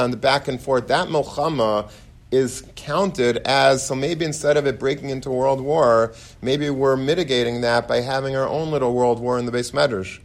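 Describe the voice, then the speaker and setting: A man's voice: medium pitch, fairly even intonation, normal speed. A man giving an informal sermon to a study hall in a conversational way, with restarts and many Hebrew and Yiddish terms. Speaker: rabbi giving a Torah talk.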